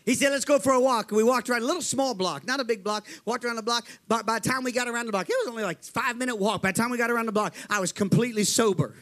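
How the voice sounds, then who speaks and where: A man's voice: very high voice, racing, few pauses, fairly bright tone. A man preaching a fervent sermon, telling his testimony, calling to the crowd and acting out the voices in his story.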